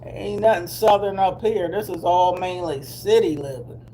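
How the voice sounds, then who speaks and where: A woman's voice: fairly low pitch, mellow, a little hiss or hum. A middle-aged woman from Delaware chatting casually with her viewers in a drawling, easygoing way. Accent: Black American English. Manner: chatty, slow and drawling, with laughs and asides. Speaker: vlogger. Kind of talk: casual live chat with viewers.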